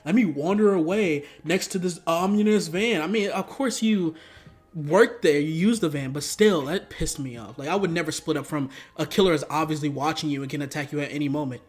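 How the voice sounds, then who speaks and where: A young man giving a casual, rambling, profane film review, full of slang and sudden high-pitched outbursts of disbelief. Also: a little fast. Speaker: YouTube movie reviewer.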